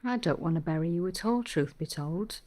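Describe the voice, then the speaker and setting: An actress playing a grieving middle-aged mother, speaking softly and haltingly, often dropping to a whisper. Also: lowish voice, animated, close to an everyday voice. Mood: gentle, warm. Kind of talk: film drama monologue.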